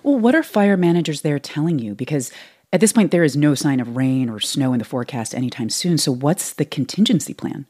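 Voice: mid-range voice, lively intonation, fairly quick, warm tone. A news host asking interview questions in an inquisitive way.

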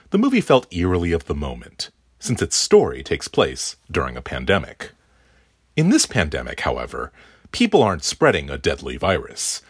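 Husky low-voiced man reading a review. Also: no echo, studio quality. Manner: expressive, reading. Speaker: film critic. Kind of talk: scripted film review. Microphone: studio microphone.

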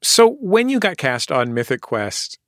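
A man hosting a radio interview show, asking questions in a measured, thoughtful way. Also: on the high side, sing-song, a bit bright, dry recording, clean studio sound.

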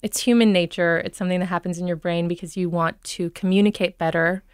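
A woman from Minnesota working as a dialect coach, explaining accents in a relaxed interview with many ums. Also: fairly low pitch, quick pace, clear, resonant tone, dry recording, clean studio sound. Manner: explanatory, demonstrates sounds with frequent ums. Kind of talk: conversational interview.

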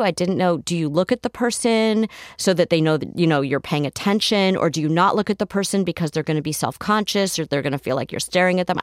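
Lively, laughing woman storyteller. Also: deep voice, no room sound, clean studio sound. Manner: animated, laughing storyteller who acts out quotes. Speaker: guest, therapist. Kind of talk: casual interview storytelling.

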